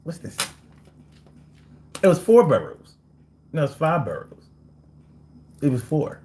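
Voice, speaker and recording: A man runs a casual live stream and answers his chat. His talk is loose, slangy and full of quick jokes and laughs. His pitch rises and falls in a very lively way. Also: slight background noise.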